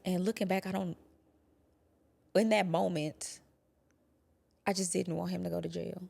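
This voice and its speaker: A young adult woman quietly recounting a painful personal experience, halting and sometimes dropping to a whisper. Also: lowish voice, fairly even intonation, gravelly. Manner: quiet, halting, drops to a whisper at hard moments. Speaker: guest telling her story. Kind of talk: personal testimony.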